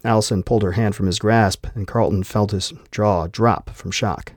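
A man reading a novel aloud with steady, measured storytelling. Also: fairly low pitch, no room sound, clean studio sound. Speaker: narrator. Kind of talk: scripted audiobook narration.

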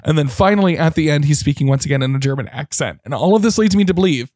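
A man with a slightly high-pitched voice recaps a movie in a relaxed podcast chat, tossing in wry asides and playful jabs. The sound is dry and close to the mic. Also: fast talker, no room sound. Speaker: podcast co-host.

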